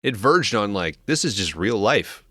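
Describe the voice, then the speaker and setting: A man casually recapping a film plot on a podcast, loose and profane, acting out characters' lines in quick asides. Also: on the low side, big pitch swings, bright, forceful tone, no echo, clean studio sound. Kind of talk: casual movie recap chat.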